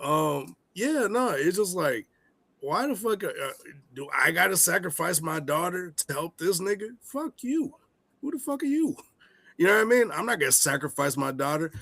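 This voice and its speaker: A young man co-hosting a comedy podcast, ranting in a heated, profane and animated way. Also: sits high, dry recording. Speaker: podcast co-host. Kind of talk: casual comedic rant.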